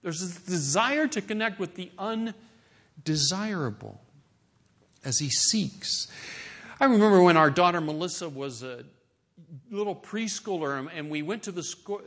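A middle-aged man preaching a sermon in a conversational, animated way, with playful asides. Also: high-pitched, normal speed. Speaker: pastor.

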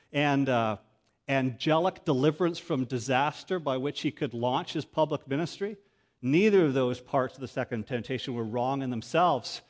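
A man preaching a sermon, earnest and methodical, working through numbered points and dropping low and quiet when he quotes scripture. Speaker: pastor.

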